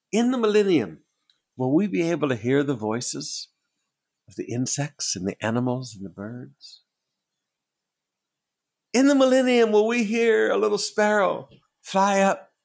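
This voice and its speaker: A man preaching a sermon, emphatic and repetitive, dropping from loud declarations to hushed tones and chuckling between points. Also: on the high side. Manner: emphatic, repeats words for effect, swings between loud and hushed.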